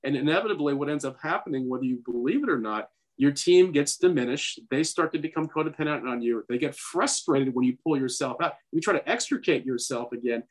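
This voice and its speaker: A man's voice: medium pitch, animated, fairly quick, few pauses. A man co-hosting a podcast for doctors, giving earnest, urging advice in long runs of talk. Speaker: podcast co-host, dentist. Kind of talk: casual advice chat.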